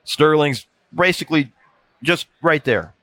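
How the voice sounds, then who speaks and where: A man guest on a casual sports podcast, telling animated anecdotes and often restarting his sentences. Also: a little high, unhurried. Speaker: podcast guest, former NBA video coordinator. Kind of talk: casual storytelling chat.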